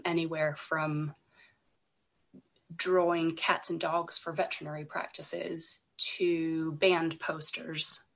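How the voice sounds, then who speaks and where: A woman, croaky from a cold, talking as a podcast guest, hesitant, with many ums and restarts. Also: fairly low pitch. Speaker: podcast guest, illustrator and designer. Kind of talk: casual interview talk.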